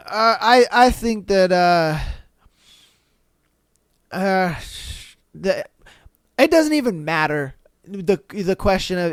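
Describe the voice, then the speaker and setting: Male podcast host with a smooth, high voice, blunt and profane, reading and reacting to listener stories. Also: dry recording, clean studio sound. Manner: profane, blunt, repeats "you know what I mean". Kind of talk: blunt casual commentary and reading of listener posts.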